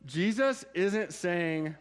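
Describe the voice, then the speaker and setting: A man preaching a sermon in a conversational way, often checking in with his listeners through quick asides. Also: high voice, lively intonation, clean tone. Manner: conversational, frequent "right?" and "like" asides. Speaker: pastor.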